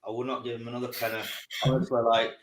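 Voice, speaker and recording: Blunt football fan in an echoey room. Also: male voice, medium pitch, level tone, fast, slight background noise. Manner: blunt, emphatic opinions. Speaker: guest pundit. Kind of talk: casual football chat.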